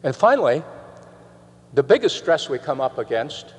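An older man preaching a sermon in an earnest, rambling way, restarting phrases and swinging his pitch up and down. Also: sing-song, moderate pace. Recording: long reverb of a hall.

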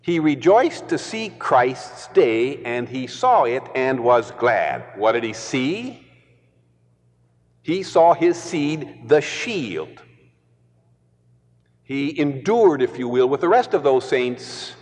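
Slow, deliberate male preacher. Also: medium pitch, big pitch swings, in a large hall. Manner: deliberate, emphatic repetition. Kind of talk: sermon.

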